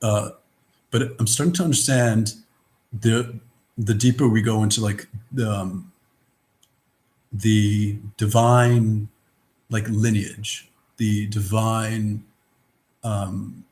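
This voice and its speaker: A man's voice: fairly low pitch, steady tone, slow, long pauses, darkish tone. A man giving a rambling, philosophical monologue, blunt and profane, with many restarts. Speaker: vlogger. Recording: roomy echo.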